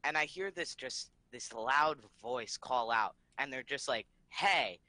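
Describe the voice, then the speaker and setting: A man's voice: mid-range voice, measured pace, bright, forceful tone, dry recording, poor audio. A man telling a rambling story on a live podcast, laughing between lines.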